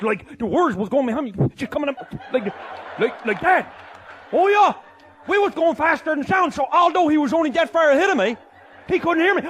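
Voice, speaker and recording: A man with a Newfoundland accent telling a comic tall tale, boisterous, often shouting and laughing mid-sentence. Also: extremely high pitch. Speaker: comic storyteller.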